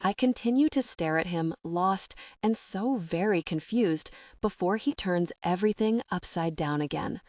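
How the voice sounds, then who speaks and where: A woman narrating a first-person romance audiobook in a measured, intimate, soft manner. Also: lowish voice, dry recording, studio quality.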